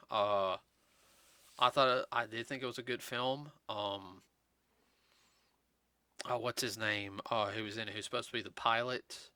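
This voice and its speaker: A man hosts a casual podcast chat. His voice is very bright and cutting, recorded dry and close, and he rambles with lots of fillers and self-corrections while ribbing his co-host. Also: lowish voice, fairly even intonation, unhurried, pauses often, clean tone, dry recording. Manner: rambling, many fillers and restarts, teasing. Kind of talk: casual chat about films.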